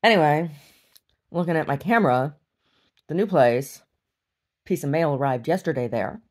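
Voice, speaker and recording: A woman's voice: low voice, moderate pace. A middle-aged woman speaking in a candid video diary, weary and blunt, swearing freely and breaking into wry laughs. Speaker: video diarist.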